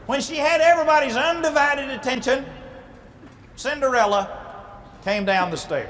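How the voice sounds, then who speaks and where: A man telling a comic story to a live audience in a folksy, animated way, with sound effects. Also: very high-pitched, normal speed, pauses often, in a large hall, background noise.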